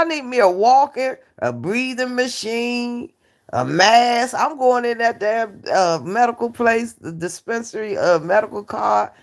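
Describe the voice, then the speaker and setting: A woman hosting a live stream, chatting casually with her viewers in a brassy, joking way, laughing often and dropping from loud outbursts to low asides. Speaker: livestream host. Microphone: phone or computer mic on a livestream.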